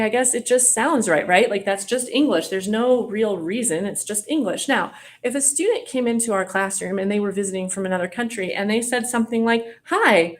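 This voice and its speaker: A woman teaching a French grammar lesson, patiently asking questions and playing at mock surprise. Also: medium pitch. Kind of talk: classroom teaching demonstration.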